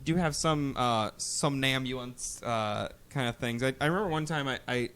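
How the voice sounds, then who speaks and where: A man hosting a stream, telling an anecdote in casual chat, animated and stammering, cursing now and then. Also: mid-range voice, normal speed, a little hiss or hum. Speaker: stream host.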